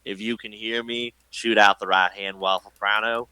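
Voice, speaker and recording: A man voicing a male monkey character in a deliberately bad Cockney accent, stumbling and laughing at himself. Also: lowish voice, little pitch movement, pushed and bright, clean tone, no echo, voice pushed down, low-quality recording. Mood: goofy.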